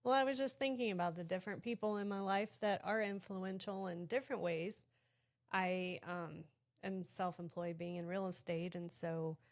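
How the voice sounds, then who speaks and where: A woman with a somewhat low voice speaks reflectively about her personal life. She is a co-host in a relaxed podcast conversation. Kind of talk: casual chat.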